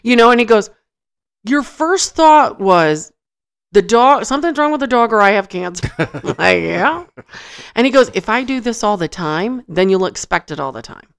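A woman's voice: fairly high pitch, animated, normal speed, gravelly, smooth. A woman on a podcast telling a funny story in casual chat, acting out quotes, laughing often and swearing. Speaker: podcast co-host.

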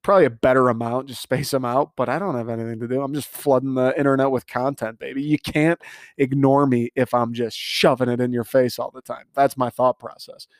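A man in his twenties hosts a casual solo podcast, rambling and sarcastic with self-mocking asides while bothered by the hiccups. His mid-range voice holds a steady tone at a slightly fast pace. The recording is dry, with clean studio sound.

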